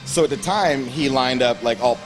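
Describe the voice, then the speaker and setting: A young man with a Grenadian accent tells his story in an easygoing interview at a gym, laughing often and taking on the voices of the people in it. His voice sits at a middle pitch, and faint music plays behind him. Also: normal speed. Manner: animated storyteller who acts out quoted voices and laughs often. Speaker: interview guest, bodybuilder.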